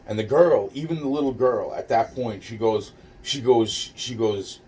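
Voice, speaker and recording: A man's voice: mid-range voice, normal speed, dark tone. A man casually telling a personal story, rambling and profane, with many restarts and fillers. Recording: distant mic with faint noise.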